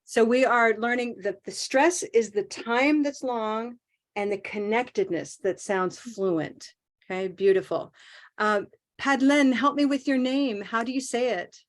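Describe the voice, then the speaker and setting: Encouraging woman teaching English pronunciation. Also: on the high side. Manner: encouraging, models phrases slowly and clearly. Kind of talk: online class coaching. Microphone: video call.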